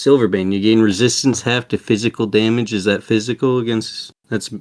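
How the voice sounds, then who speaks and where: A male player with a fairly low voice, speaking quietly and unhurriedly. He throws in jokes as he plays. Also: fairly even intonation, moderate pace, hardly any pauses. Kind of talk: casual tabletop play.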